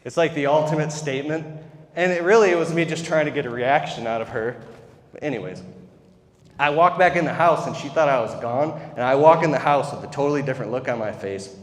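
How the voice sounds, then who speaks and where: A man's voice: fairly high pitch, fairly quick. Candid male keynote speaker in echoey hall. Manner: candid, profane, conversational. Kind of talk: keynote speech told as a personal story. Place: large convention hall. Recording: reverberant convention hall.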